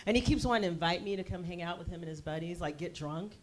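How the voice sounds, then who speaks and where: A woman, performing a stand-up set on a theater stage, with a brassy, punchy delivery that jumps suddenly loud. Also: on the low side, fast talker, hardly any pauses, a little hiss or hum. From United States. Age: 40s. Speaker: stand-up comedian.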